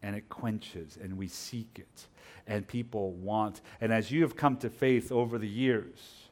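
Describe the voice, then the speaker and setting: Male pastor, middle-aged, storytelling sermon that moves between quiet asides and loud animated peaks. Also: on the low side, a little slow.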